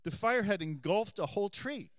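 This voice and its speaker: A middle-aged man, a Catholic priest, preaching a homily and telling a story earnestly, dropping his voice soft for emphasis. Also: high-pitched, expressive, moderate pace, no room sound, studio quality.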